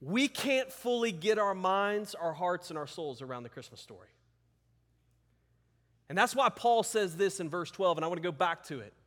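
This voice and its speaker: Guy pastor preaching, pretty high voice, big echoey church hall. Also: big pitch swings, moderate pace, a bit bright. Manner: earnest, emphatic, repeats words for stress. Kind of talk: sermon.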